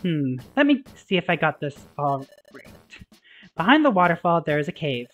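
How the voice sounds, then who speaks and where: Pompous game guild leader, voiced casually by the player: formal, emphatic, a touch low and quiet. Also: big pitch swings, moderate pace, natural voice. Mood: questioning. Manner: emphatic, formal storybook phrasing. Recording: slightly dull, game music under.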